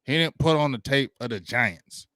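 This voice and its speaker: A man's voice: medium pitch, normal speed, bright, forceful tone, dry recording, studio quality. Hyped slangy sports-stream host man. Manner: hyped, slangy, greets viewers by name. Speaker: sports talk livestream host. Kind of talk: casual livestream chat.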